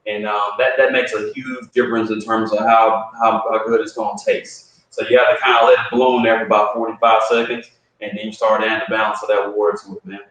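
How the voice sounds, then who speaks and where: A male coffee roaster on a remote call, calmly walking through a brewing demo step by step and saying "man" a lot. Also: on the low side, brisk. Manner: laid-back, explains step by step, says "man" a lot. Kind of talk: casual chat and brewing demo. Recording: echoey room far from the mic.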